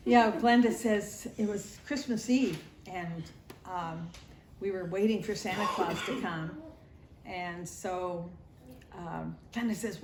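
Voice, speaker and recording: In this family interview, a grandmother recalls her childhood in a mid-range voice at a slow pace, with background noise present. Her storytelling is warm and nostalgic, and she imitates the voices of relatives. There's a roomy echo and some faint ambience in the room.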